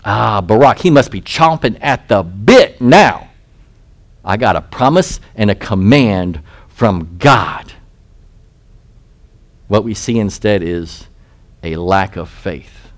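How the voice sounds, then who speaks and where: Lively, high-voiced male preacher. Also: slow pace. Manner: reads scripture then asks listeners rhetorical questions. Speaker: pastor. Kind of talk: expository sermon.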